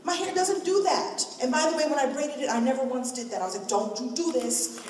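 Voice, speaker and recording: A middle-aged woman speaking to an event crowd, telling a personal story in an animated way and acting out the voices she quotes. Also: high voice, fast, slight background noise. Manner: expressive, acts out quoted voices, laughs often. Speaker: guest speaker at a hair event. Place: large event room. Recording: echoey hall from far off.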